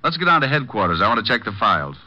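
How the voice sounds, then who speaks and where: An actor playing a wisecracking male private detective in a 1940s radio drama, breezy and quick with a comeback. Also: fairly low pitch, very animated. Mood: wry. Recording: muffled old radio broadcast.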